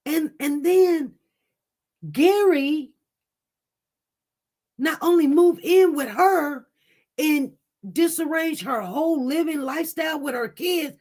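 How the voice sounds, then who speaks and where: A woman's voice: sits high, slow, long pauses, darkish tone. A woman, hosting a casual livestream. She speaks with passion and returns to the same points again and again. She addresses her viewers directly as she talks. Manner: impassioned, repetitive, talks directly to chat. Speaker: livestream news host.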